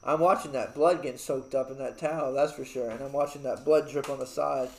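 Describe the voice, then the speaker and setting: A man's voice: mid-range voice, steady tone, a little fast, vocal fry, a little mellow, echoey room. A young man telling a story in casual chat, rambling and swearing, with lots of fillers. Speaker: new father.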